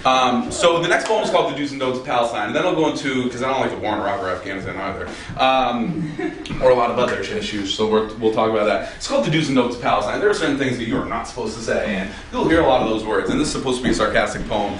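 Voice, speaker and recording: A man's voice: medium pitch, rapid-fire, fairly bright tone, echoey room, a little hiss or hum. A man from the United States doing a live spoken-word poetry reading, with wry, sarcastic, chatty banter, recorded from a distance in a gallery room. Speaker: performing poet.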